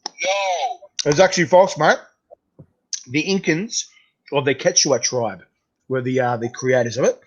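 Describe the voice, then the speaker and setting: A fairly high-pitched Australian man hosts a casual chat, speaking a little slowly and pausing often. He's easygoing and talkative, says "mate" a lot and starts sentences over, with muffled, lo-fi sound quality.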